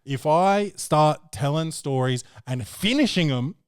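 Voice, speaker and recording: A man's voice: on the high side, lively intonation, unhurried, smooth, dry recording, studio quality. A man hosting a podcast, telling crude, rambling stories in casual chat. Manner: rambling, profane storytelling, peppered with "bro". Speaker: podcast host.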